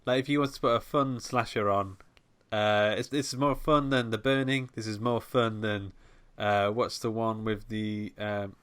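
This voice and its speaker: A man talks about a film with his podcast co-hosts, his voice sitting a little low. He rambles, stops and restarts his sentences often. The talk stays casual and loose. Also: steady tone, normal speed, a bit bright, clean tone, no room sound. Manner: rambling, hesitant, many restarts. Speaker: podcast co-host.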